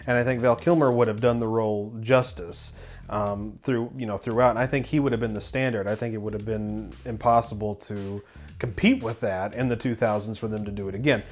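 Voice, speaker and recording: A man's voice: fairly low pitch, steady tone, a little fast. A man hosting a film review show, talking in a casual, rambling, opinionated way with many restarts. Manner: enthusiastic, opinionated.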